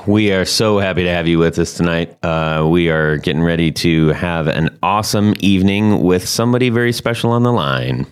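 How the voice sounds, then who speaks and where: A man's voice: low-pitched, fairly quick, hardly any pauses, clean tone. A man hosting a casual guitar podcast, chatty and joking, with lots of fillers. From United States. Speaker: podcast host.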